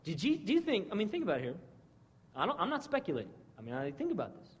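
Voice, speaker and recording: A man preaching a casual sermon, animated and slangy, often checking in with his listeners. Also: high-pitched, very fast, breathy edge. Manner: animated, slangy, keeps asking "right?". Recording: long reverb of a hall.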